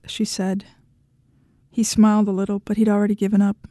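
A woman narrating a novel in an even, measured storytelling voice. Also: mid-range voice, no echo, clean studio sound. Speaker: audiobook narrator. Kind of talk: scripted narration.

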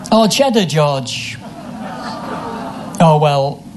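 A man performing a comic story full of literary name puns, with a deadpan delivery, recorded live. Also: a little high, drawn-out words, a crowd in the background, noisy background. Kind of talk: live comic reading of a pun-filled story.

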